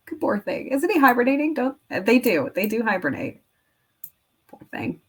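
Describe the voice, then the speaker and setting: A woman's voice: a little high, sing-song, normal speed, long pauses, husky. A young woman making classroom activities, chatting casually to viewers and rambling as she thinks aloud, with filler words and the odd whisper. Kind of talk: casual work-with-me chat.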